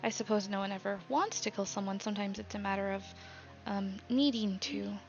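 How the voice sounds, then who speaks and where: A woman narrating as game master of a tabletop game, halting with many fillers. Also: mid-range voice, steady tone, muffled recording, faint music behind.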